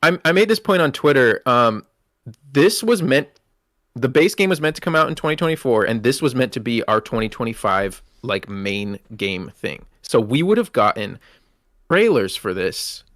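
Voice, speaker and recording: A man co-hosting a podcast who rambles eagerly through his theories. The recording is dry and close. His pitch sits in the middle for a man. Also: sing-song, normal speed, fairly bright tone, no echo. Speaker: podcast co-host. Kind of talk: casual chat.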